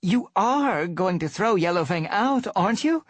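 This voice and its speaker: A guy reading a worried she-cat, way up high, urgent and kinda breathless. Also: animated, unhurried, no room sound. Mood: pleading. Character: anxious young she-cat warrior, protective of the kits. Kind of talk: live reading of a novel.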